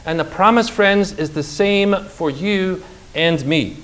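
A middle-aged man preaching a sermon, emphatic and slow, with dramatic pauses and rhetorical questions. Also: high voice, a bit bright.

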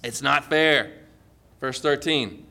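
A man preaching a sermon with an animated delivery, full of rhetorical questions and dramatic emphasis. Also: mid-range voice, slow, gravelly.

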